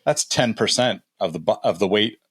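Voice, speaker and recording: A man's voice: on the low side, lively intonation, moderate pace, slightly rough, no room sound, studio quality. A man co-hosting a podcast, explaining things in a casual way with many fillers. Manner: explanatory, lots of "you know". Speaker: podcast co-host.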